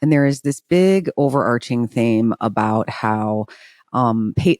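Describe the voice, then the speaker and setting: Dry, close woman making a quick point. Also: very deep voice, warm tone, no echo. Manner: supportive listener, quick when making a point. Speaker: podcast co-host. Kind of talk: casual chat.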